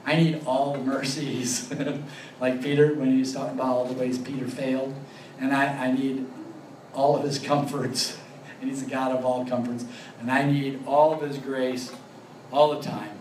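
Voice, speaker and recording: A pastor talking through a Bible passage in a chatty way, laughing often and reading verses slowly. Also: male voice, medium pitch, little pitch movement, a little mellow, slight background noise. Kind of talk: Bible study teaching. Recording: roomy and distant with faint ambience.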